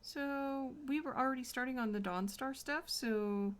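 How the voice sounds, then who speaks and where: Slow-talking excited woman streamer. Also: high-pitched, smooth. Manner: excitable, chatty, drifts into soft murmurs while playing. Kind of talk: casual gameplay commentary. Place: home room.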